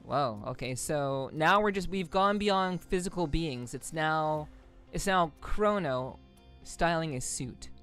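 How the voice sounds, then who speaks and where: A woman's voice: deep voice, expressive, slow pace, a bit bright, clean tone, faint music behind. A woman streaming a game, chatting casually and reading text aloud, rambling a bit with restarts. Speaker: VTuber streamer.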